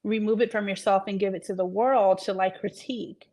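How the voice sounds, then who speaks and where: A woman's voice: medium pitch, steady tone, a little fast, warm tone. A woman author talking casually in an interview, earnest and reflective, trailing off with fillers as she thinks aloud. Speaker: author guest.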